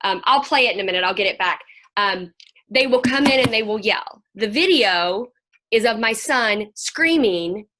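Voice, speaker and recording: A woman's voice: mid-range voice, expressive, moderate pace, fairly bright tone. A middle-aged woman counselor and play therapist speaking to a moms' group over a video call, chatty and folksy, sometimes acting out children's voices.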